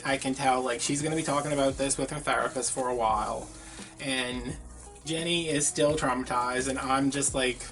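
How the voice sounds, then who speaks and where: A man's voice: mid-range voice, fairly bright tone. A man, telling a gossipy story in a casual, chatty way while he crafts. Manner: chatty, gossipy, heavy use of filler words. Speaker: crafting vlogger.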